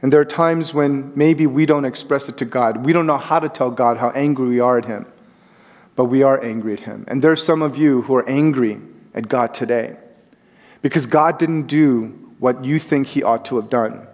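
A middle-aged man preaching a sermon in a conversational, animated way, acting out quotes as he goes. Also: medium pitch, moderate pace. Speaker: pastor. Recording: long hall reverb.

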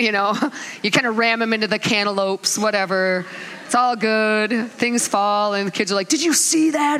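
Animated woman preaching in an echoey hall. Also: mid-range voice. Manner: animated storytelling with laughs and acted-out voices. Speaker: speaker at a church talk. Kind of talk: sermon.

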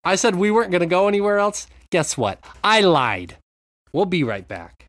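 Animated guy hosting a podcast, swingy voice, dry close mic. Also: high voice, moderate pace, dry recording. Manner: animated, laughs often, runs the segments. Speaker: podcast host. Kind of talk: casual chat.

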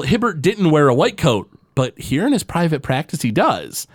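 A man's voice: medium pitch, wildly swooping pitch, normal speed, few pauses, no echo, clean studio sound. A man co-hosting a podcast, casually recapping a cartoon episode and slipping into playful voices as he retells scenes. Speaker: podcast co-host.

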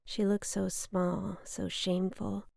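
A woman reading her personal story aloud in a measured, wry, reflective manner. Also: medium pitch, flat delivery, vocal fry, a little mellow, no echo, clean studio sound. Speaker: memoir narrator.

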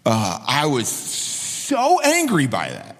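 This is a man in his forties delivering a sermon in a relaxed, conversational way. He shares a personal story openly and repeats key phrases to drive them home. His mid-range voice rings out with the long echo of a large hall. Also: medium pitch, takes it slowly. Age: 40s. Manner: candid personal storytelling, repeats himself for emphasis. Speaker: pastor.

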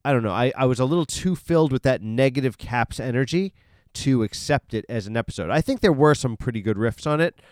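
Speaking fairly quickly with lively intonation, a male podcast host rambles through his casual solo show, swearing freely and constantly using fillers and correcting himself. His mid-range voice comes through a studio podcast mic, dry and clean.

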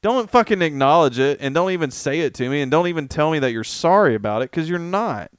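A man's voice: a little high, expressive, quick pace, smooth, no echo, clean studio sound. A man co-hosting a casual chat, ranting with heavy swearing and exasperation. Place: New York.

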